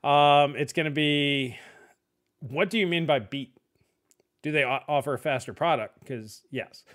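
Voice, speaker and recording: A middle-aged man hosting a casual tech podcast, laid-back and often trailing off quietly at the ends of sentences. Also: on the high side, a little slow. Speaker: podcast host.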